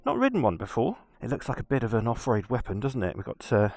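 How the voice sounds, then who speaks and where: A man with an English accent riding a motorbike and chatting to camera in a relaxed, self-deprecating way. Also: medium pitch, fast talker, no echo. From England. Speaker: motorcycle vlogger. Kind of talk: casual vlog commentary. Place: outdoors, on a motorbike on country roads. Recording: noisy outdoor motorbike recording.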